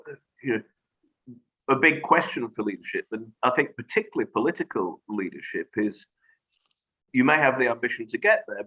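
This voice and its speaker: A man speaking as a guest in a reflective conversation, measured and thoughtful, pausing on fillers. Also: fairly low pitch. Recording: dull lo-fi audio.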